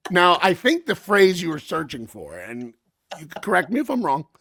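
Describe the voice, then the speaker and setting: A man's voice: high voice, wildly swooping pitch, moderate pace, gravelly, sharp tone. A man hosting a podcast, talking casually and earnestly with plenty of restarts. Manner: earnest, then teasing. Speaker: podcast host. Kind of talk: casual chat.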